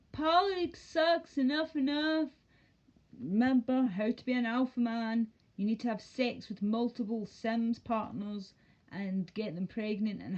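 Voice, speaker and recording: A woman's voice: a little high, darkish tone, highs cut off. A woman streaming live from home, ranting casually in a rambling, profane and mocking way. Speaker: livestreamer. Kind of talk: casual livestream rant.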